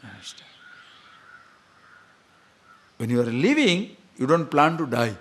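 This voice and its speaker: A man's voice: fairly high pitch, big pitch swings, fairly bright tone. Male teacher lecturing on scripture, emphatic, keeps asking rhetorical questions. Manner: emphatic, rhetorical questions, chants verses slowly. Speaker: spiritual teacher.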